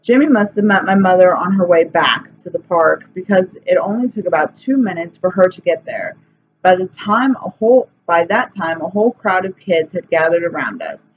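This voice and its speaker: A woman reading a children's chapter book aloud in a lively, plain storytelling way. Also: on the low side, moderate pace. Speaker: reader. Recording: slightly dull recording, faint hiss.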